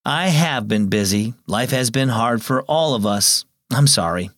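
A man voicing a kind, tired father in a storybook reading, talking gently and reassuringly to his son. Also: mid-range voice, expressive, a little slow, dry recording, studio quality. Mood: gentle.

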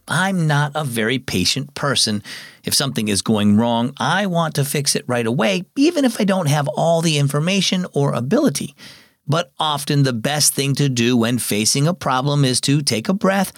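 A man's voice: fairly high pitch, sing-song, normal speed, dry recording, studio quality. A young adult man hosting a children's devotional program, reading the scripted story and speaking encouragingly to young listeners. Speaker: host.

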